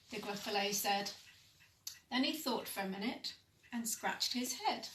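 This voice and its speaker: A woman reading a children's picture book aloud in a gentle, soothing way. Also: mid-range voice, expressive, measured pace, long pauses, slight background noise. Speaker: pastoral worker. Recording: echoey room, mic at a distance.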